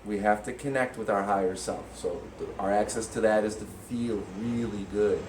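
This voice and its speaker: A man giving a casual spiritual teaching talk, animated and acting out inner voices with sudden loud, high bursts. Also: moderate pace, slight background noise. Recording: echoey room.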